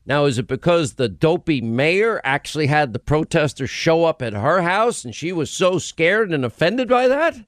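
A man's slightly high, sing-song voice runs at normal speed with hardly any pauses as he hosts a radio talk show. He gives an emphatic, impassioned monologue riddled with restarts, recorded on a studio microphone in a radio studio with no echo.

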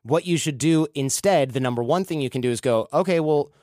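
A man's voice: mid-range voice, a little fast, darkish tone, dry recording, studio quality. A man hosting a casual talk, giving advice through anecdotes and acting out what people said. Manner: storytelling, acts out quoted dialogue.

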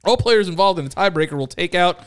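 A man's voice: high-pitched, quick pace, background noise. A man co-hosting a podcast, reading game rules aloud and bantering loosely with plenty of swearing. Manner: loose, profane, joking banter. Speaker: podcast co-host.

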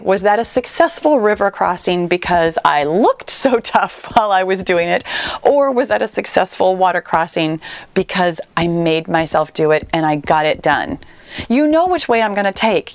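A woman's voice: medium pitch, no room sound. Woman, fitness podcast host, personal storytelling, encouraging, dry sound. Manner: earnest, encouraging, with quick retellings.

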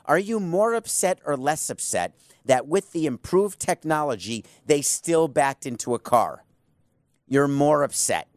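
A man's voice: on the high side, expressive, measured pace, dry recording, clean studio sound. A man hosting a sports talk show, arguing his point with rhetorical questions and emphatic asides. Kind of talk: opinionated sports talk monologue.

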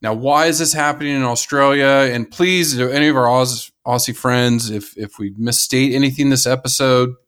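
A man's voice: mid-range voice, fairly even intonation, normal speed, hardly any pauses, fairly bright tone, clear, resonant tone. An American man co-hosting a casual conservation podcast, talking enthusiastically and rambling with frequent restarts. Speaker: podcast co-host.

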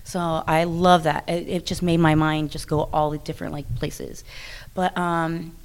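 A woman who is a professional wrestler, talking in an interview in a chatty, animated way, with many restarts and frequent laughter. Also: low voice, a little slow, smooth. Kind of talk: interview conversation.

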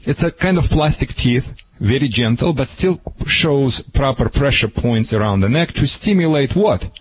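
A man from Russia with a Russian accent, a dog trainer giving animated, punchy advice on a radio show and repeating his key phrases. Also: medium pitch, normal speed, breathy edge, rough recording. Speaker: dog trainer answering a caller. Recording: radio broadcast.

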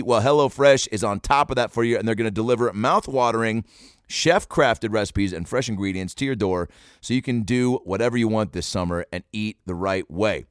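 A man's voice: medium pitch, dry recording. A male podcast host rattles through sponsor reads, joking and correcting himself as he goes. His voice swings widely up and down, and the sound is dry and close with no room around it. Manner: playful, riffing, quick self-corrections. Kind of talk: reading ads with jokey asides.

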